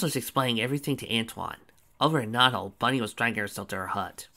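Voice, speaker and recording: A man's voice: mid-range voice, fast talker, gravelly, bright, forceful tone. A man casually reading his fan fiction aloud, with small slips. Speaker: storyteller.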